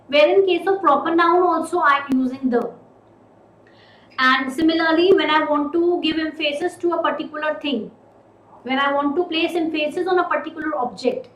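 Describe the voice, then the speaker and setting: High-voiced woman teaching grammar, echoey room. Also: a bit bright. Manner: repeats and stresses key words slowly. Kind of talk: recorded grammar lesson.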